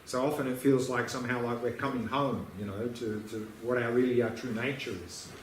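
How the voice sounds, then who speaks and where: A man's voice: medium pitch, steady tone, fairly quick. Man, meditation teacher, patient, repetitive, echoey room, faint hum. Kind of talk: dharma teaching Q&A.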